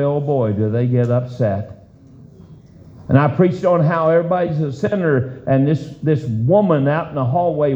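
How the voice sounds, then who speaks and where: A man preaching a sermon, telling a story with an animated delivery and a voice that swoops up high for emphasis. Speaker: pastor. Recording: dull lo-fi sermon recording.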